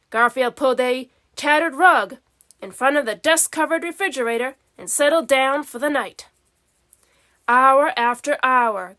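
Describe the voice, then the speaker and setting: A woman narrates a children's storybook at an unhurried pace. Her voice sits high and bright, and she reads expressively. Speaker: storybook reader.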